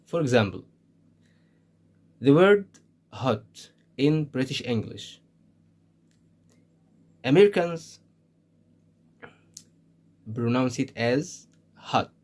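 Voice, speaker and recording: A man's voice: mid-range voice, expressive, a little mellow. A man with an Egyptian Arabic accent, a native Arabic speaker, teaching an English lesson and saying single words with care to show how they sound. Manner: slow, deliberate, stresses single words to model pronunciation. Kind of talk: slow spoken language lesson.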